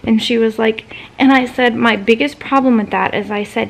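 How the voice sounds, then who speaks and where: A woman's voice: on the high side, moderate pace, vocal fry, hardly any pauses. A woman vlogger casually recounting a conversation, chatty and full of fillers like "um" and "like". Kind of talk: casual storytelling vlog.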